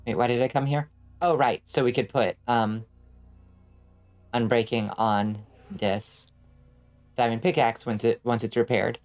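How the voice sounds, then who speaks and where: A woman's voice: a bass voice, steady tone, measured pace, long pauses, a little mellow, faint music behind. A woman from Georgia with a Southern accent, chatting casually with her stream chat while gaming. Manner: chatty, answers chat aloud, plays with pronunciations. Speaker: vtuber streamer.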